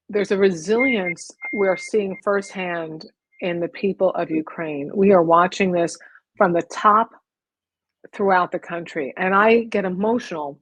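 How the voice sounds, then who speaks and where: Eager woman podcast host, husky voice. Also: mid-range voice, no echo, rough recording. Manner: eager, talks in quick bursts with restarts. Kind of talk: casual interview chat.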